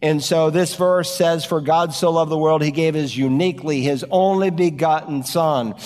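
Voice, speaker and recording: A male pastor delivers a sermon in a somewhat raised voice, moving between storytelling and teaching. He slows down and stresses important words for emphasis. His voice carries with a long reverb, as in a large hall. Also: on the high side, steady tone, a little mellow, faint music behind.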